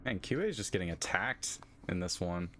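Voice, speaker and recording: A woman's voice: extremely low pitch, sing-song, fairly quick, a bit bright, slight background noise. A woman streaming a game, reading its story and reacting with frequent laughs and disbelief. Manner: laughs often, incredulous reactions. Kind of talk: casual live-stream commentary.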